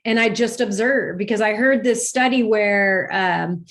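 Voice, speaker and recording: A woman's voice: medium pitch, measured pace, a bit bright. A woman guest in a spiritual conversation, telling personal stories earnestly and rambling with restarts.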